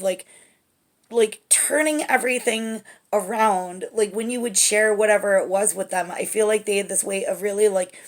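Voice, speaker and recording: A woman giving a spiritual tarot reading to camera, gentle and reassuring, often checking in with "okay?". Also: mid-range voice. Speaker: tarot reader.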